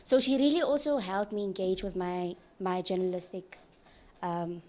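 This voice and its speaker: A woman's voice: lowish voice, fairly even intonation, normal speed, a little mellow. A young woman intern chatting casually in a studio, emotional and giggly, rambling with restarts. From South Africa. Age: young adult. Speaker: departing intern.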